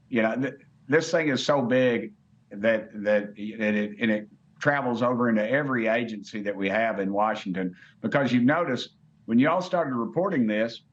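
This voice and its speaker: A man's voice: lowish voice, highs cut off. A middle-aged man with a Southern US accent, a congressman talking bluntly and colloquially in a remote interview. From United States.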